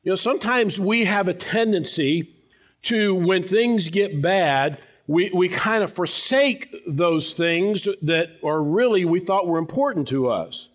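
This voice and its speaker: A male pastor delivers a sermon to his congregation in a fairly high voice. He talks conversationally, repeats words as he goes, and sinks into hushed, low tones to drive his points home. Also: expressive, a little slow. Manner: earnest preaching, drops to quiet low tones for emphasis. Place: church with a congregation.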